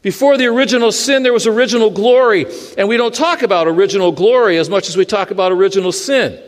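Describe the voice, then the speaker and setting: A man preaches in a church sanctuary, his voice sitting high and ringing out with a long reverb from the large hall. He delivers the sermon in an animated way, with dry humor slipped between his points. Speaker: pastor.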